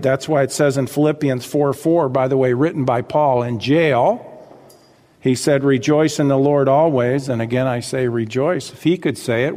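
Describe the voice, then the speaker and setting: Pastor guy preaching, kinda high voice, keeps saying listen folks, long echo in the church. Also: a little mellow. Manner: exhorting, addresses congregation directly with "listen" and "folks". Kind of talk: sermon. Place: church sanctuary with congregation. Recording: long hall reverb.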